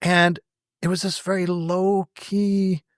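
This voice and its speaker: A fairly high-voiced man spins a story as a podcast guest, acting out each quoted line with a wry, self-deprecating humor. His voice is recorded close and dry, with no room sound around it. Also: slow pace, clean tone, no room sound. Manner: animated storyteller who acts out quoted dialogue. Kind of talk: anecdotal storytelling in conversation.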